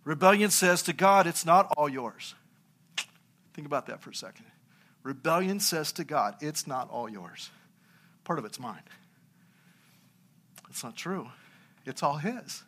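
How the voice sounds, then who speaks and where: A man's voice: fairly high pitch, fairly bright tone. A middle-aged man, a pastor, preaching a sermon and telling a humorous story from his own life.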